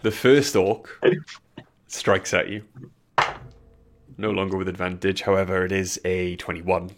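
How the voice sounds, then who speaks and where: Against a noisy background, a deep-voiced man with little pitch movement acts as game master for a tabletop game. He narrates combat and gives rulings in a measured way, hesitating and dropping fillers between calls.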